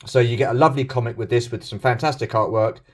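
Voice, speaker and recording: A middle-aged British man talks fast in a steady, medium-pitched voice while unboxing and chatting casually about his toy collection. He rambles, runs himself down and uses plenty of fillers.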